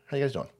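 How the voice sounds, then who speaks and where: A man's voice: on the high side, background noise. A man hosting a livestream, ranting in a profane, mocking way and laughing often. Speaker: livestream host.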